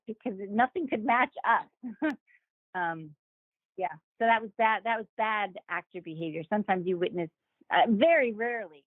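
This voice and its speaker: A woman's voice: mid-range voice, no room sound. A woman actor telling a story in a casual interview, acting out the people she quotes and laughing now and then. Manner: animated, acts out quoted voices with laughs. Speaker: guest actor. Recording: dry, phone-like remote call audio.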